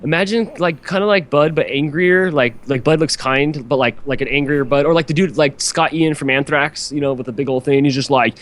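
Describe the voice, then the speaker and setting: A man's voice: a little high, fairly quick, hardly any pauses, a bit bright. A man on a podcast telling a long story in a rambling, profane way, full of "like" fillers. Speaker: podcast host. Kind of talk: casual storytelling chat.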